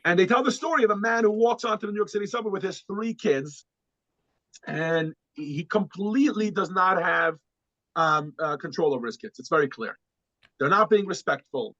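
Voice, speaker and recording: A man's voice: sits high, a bit bright, dry recording, lo-fi sound. A man teaching a class, telling a story to make his point, often repeating words and restarting sentences.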